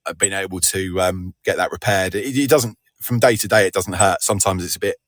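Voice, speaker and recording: A man's voice: deep voice, fairly even intonation, brisk, fairly bright tone, no room sound, studio quality. A young man chatting casually as a podcast co-host, rambling and self-deprecating with many restarts. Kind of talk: casual chat.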